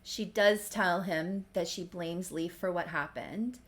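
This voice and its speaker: A woman's voice: fairly low pitch, slow, a bit bright. A woman casually recapping a soap story as a video creator, chatty and wry. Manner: chatty, wry, lots of fillers.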